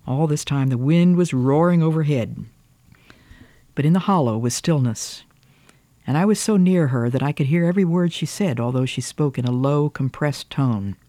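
Earnest man with a mellow, slightly high voice. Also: normal speed, dry recording. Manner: earnest, preaching, dramatic delivery. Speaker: audiobook narrator. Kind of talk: scripted narration of a novel.

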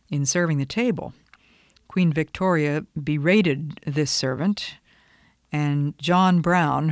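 An older woman and grandmother giving earnest, measured advice on disciplining children. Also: low-pitched, dry recording, studio quality. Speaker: parenting advice speaker. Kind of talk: instructive talk.

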